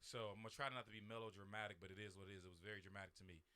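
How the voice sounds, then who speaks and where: A man's voice: lowish voice, racing. A young man, a podcast co-host, telling a story in casual slang and acting out the people in it. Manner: animated, slangy, acts out the voices of people in his story.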